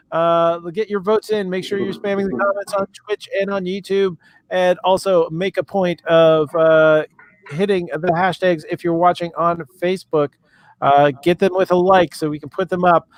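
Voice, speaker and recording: A man moderating a live comedy debate stream, pausing often with filler sounds. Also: sits high, level tone, no room sound. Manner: hesitant, many filler sounds.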